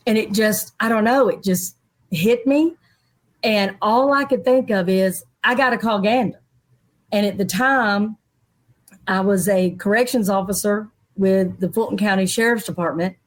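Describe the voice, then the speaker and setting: A middle-aged woman, a guest in an interview, telling a personal story in a lively way and acting out other people's voices. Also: medium pitch, measured pace. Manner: animated, acts out quoted people's voices.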